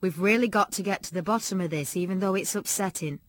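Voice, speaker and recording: A woman voicing a calm, measured father who questions his daughter carefully. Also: mid-range voice, dry recording, natural voice. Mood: gently probing. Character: stern caring middle-aged father.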